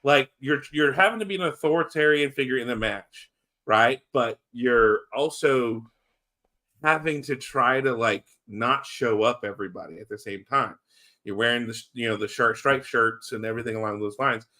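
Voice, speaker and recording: A man's voice: medium pitch, moderate pace, bright, forceful tone. A man co-hosting a casual wrestling podcast, rambling with many fillers and restarts. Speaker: podcast co-host.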